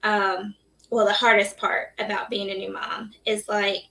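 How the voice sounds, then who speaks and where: Woman, nurse, casual interview chat, candid, laughs a lot, bright tone, somewhat distant mic. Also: medium pitch, flat delivery, unhurried, vocal fry. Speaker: guest nurse.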